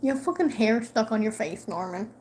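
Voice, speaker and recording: Casual woman vlogger, talks to camera at home, swears and teases her cat, a touch high. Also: big pitch swings, a little fast, a little mellow, slight background noise. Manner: profane, teasing talk to her cat.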